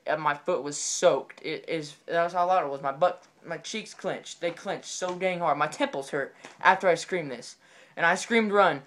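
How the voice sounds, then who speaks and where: A man telling a comedic story in an excitable, rambling way, often repeating his phrases. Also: on the high side, normal speed.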